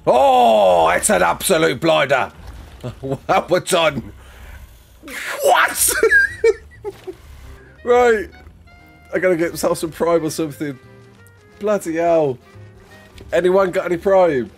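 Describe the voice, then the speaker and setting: Man impersonating an exclaiming Aussie adventurer, put-on accent, raised pitch, slow drawn-out delivery. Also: animated, gravelly, faint music behind, heavily acted. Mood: thrilled. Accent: put-on Australian. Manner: exclaiming, slangy, bursting into laughs. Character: over-the-top Aussie wildlife adventurer man. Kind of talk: gaming role-play.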